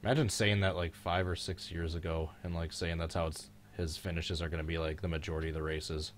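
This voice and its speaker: A young man hosting a live-streamed race reaction, joking and excitable in casual commentary. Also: sits low, fairly quick, slight background noise. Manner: joking, excitable, mild swearing. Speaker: host of a live-streamed racing reaction show.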